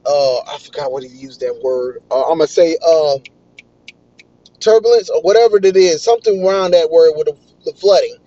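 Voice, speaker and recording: A young man, excitedly telling a story in casual vlog style. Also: fairly high pitch. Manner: excitable, animated retelling. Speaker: vlogger. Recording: dull, lo-fi dry recording.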